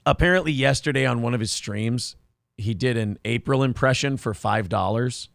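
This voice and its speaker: A man's voice: mid-range voice, moderate pace, vocal fry, fairly bright tone, no room sound. A man hosting a morning talk show, chatting casually in a sarcastic, mocking way into a studio mic. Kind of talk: casual chat.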